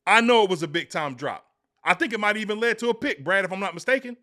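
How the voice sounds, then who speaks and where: A man's voice: high voice, quick pace. A man with a Southern US accent hosting a casual sports talk show, telling stories emphatically. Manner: emphatic, animated storytelling.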